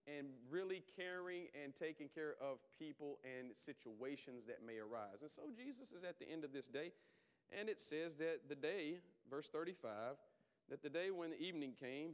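A man's voice: fairly high pitch, smooth, in a large hall. A man preaching a sermon in a conversational, emphatic way, calling out to his congregation.

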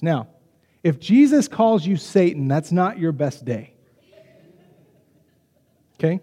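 A man preaching a sermon as the pastor, in a conversational, animated way with quick acted asides. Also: fairly high pitch, in a large hall.

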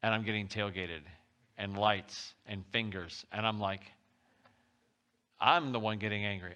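A male pastor giving a conversational sermon, swinging between loud pushes and soft drops. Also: fairly low pitch, measured pace. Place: church.

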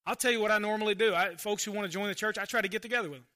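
A man preaching a sermon in a chatty, conversational way, leaning hard on some phrases and dropping low for asides. His voice sits high for a man. It has a very bright, cutting edge. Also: rapid-fire, few pauses. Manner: conversational preaching, swinging between loud emphasis and quiet asides. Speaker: pastor.

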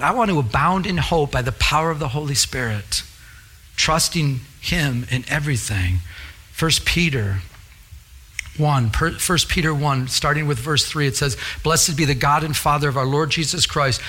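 A man's voice: fairly high pitch, pushed and bright. A middle-aged man preaching a sermon, earnest and repetitive, reading scripture aloud. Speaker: pastor.

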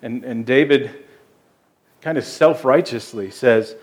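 Man, pastor, sermon, earnest, emphatic, mid-pitched voice. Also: takes it slowly. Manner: earnest, emphatic preaching with repeated words.

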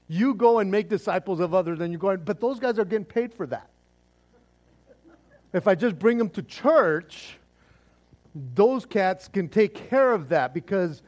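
A man's voice: sits high, a little mellow. A man preaching a sermon as pastor, fervent and casual, often repeating words as he restarts.

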